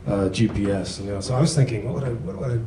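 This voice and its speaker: A middle-aged man doing a stand-up routine on a comedy club stage, halting and self-deprecating, with many fillers. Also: on the low side, warm tone. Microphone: handheld mic. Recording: echoey club with room noise.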